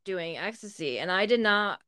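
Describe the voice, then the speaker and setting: A woman's voice: mid-range voice, expressive, moderate pace, bright, forceful tone, smooth. A young woman co-hosting a podcast, telling a candid story in casual chat and swearing freely. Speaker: podcast co-host.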